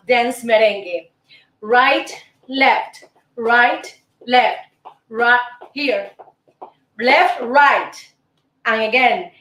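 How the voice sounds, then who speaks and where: A woman leads a dance lesson at a slow, unhurried pace, counting each step aloud and cheering the viewer on. Her voice sits a little high. It is picked up from across a roomy space, with music playing behind her. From Cuba. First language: Spanish. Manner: counts steps aloud, encouraging, repeats herself, bursts of shouting. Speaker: host and dance teacher. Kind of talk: demonstrating dance steps. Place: indoor room. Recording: roomy distant recording with music.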